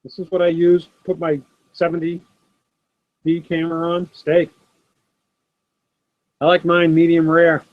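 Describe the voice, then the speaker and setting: Completely flat in delivery, a middle-aged man with a fairly high voice speaks at a measured pace with long pauses. He hosts a live sports card stream from his home desk, casually answering viewers by name, and his laptop's built-in camera mic gives the audio a dull, dry feel.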